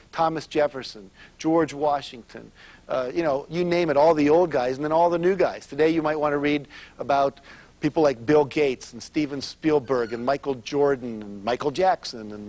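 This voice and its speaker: A man's voice: a little high, a little mellow, no room sound. A middle-aged man, a motivational speaker, giving a live seminar talk, telling stories and asking the audience questions. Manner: storytelling, asks the audience questions.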